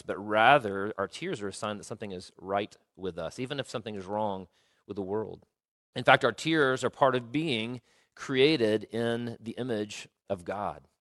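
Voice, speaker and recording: A man pastor giving a conversational sermon with some fillers, slowing down to read a story and scripture aloud. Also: fairly low pitch, fairly bright tone, no room sound. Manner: conversational with fillers, slows for reading.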